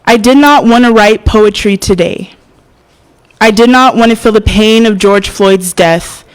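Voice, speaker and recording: A young woman performing spoken word poetry at an open mic, hesitant and soft-spoken between poems, passionate when she recites. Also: mid-range voice, measured pace, smooth, low-quality recording. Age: young adult.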